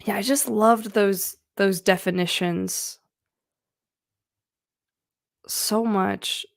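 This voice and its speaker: A woman's voice: mid-range voice, fairly even intonation, takes it slowly, creaky, dry recording, studio quality. A woman giving casual, earnest advice on feelings to her viewers, chatty and full of fillers. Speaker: mental health vlogger. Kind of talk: casual talking-to-camera advice.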